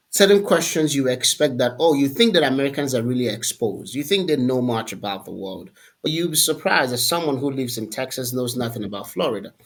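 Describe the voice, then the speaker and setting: A man hosting an interview, reflective in manner and quick with short affirmations. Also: mid-range voice. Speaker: interview host. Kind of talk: conversational interview.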